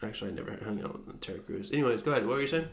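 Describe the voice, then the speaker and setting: Gravelly laid-back young man. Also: on the low side, expressive, racing. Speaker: podcast co-host. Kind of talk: casual chat. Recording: echoey room.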